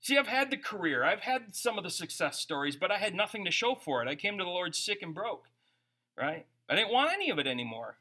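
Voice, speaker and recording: A man's voice: high-pitched, sing-song, fairly quick, bright, forceful tone. A man preaching a conversational sermon, reading scripture aloud and breaking into informal, jokey asides. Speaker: pastor.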